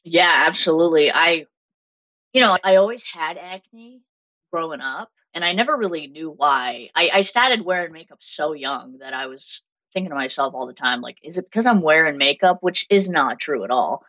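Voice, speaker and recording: A woman's voice: deep voice, lively intonation, moderate pace, fairly bright tone, no room sound, rough recording. A young woman from Southern Massachusetts with a Massachusetts accent, chatting openly as an interview guest and laughing often. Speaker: guest, content creator. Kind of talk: casual interview talk.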